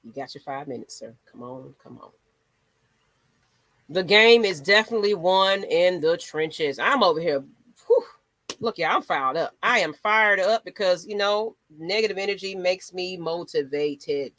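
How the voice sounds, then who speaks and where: Sassy, animated woman ranting about football. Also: lowish voice, a little slow, no echo. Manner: sassy, dramatic, rants with mock voices. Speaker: sports channel host. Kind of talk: animated fan commentary.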